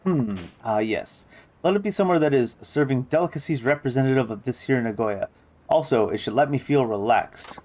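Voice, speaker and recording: A man voicing an eccentric, pompous woman singer in a video game, speaking in inverted word order and dropping in stray French words. He reads her lines slowly and a little lower than his own voice. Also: animated, a little mellow, close to an everyday voice. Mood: grandiose.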